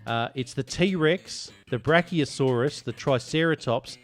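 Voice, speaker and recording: A man's voice: medium pitch, unhurried, soft background music. An Australian man hosting a sports podcast, reading listener reviews aloud and teasing his co-hosts in casual banter. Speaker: podcast host.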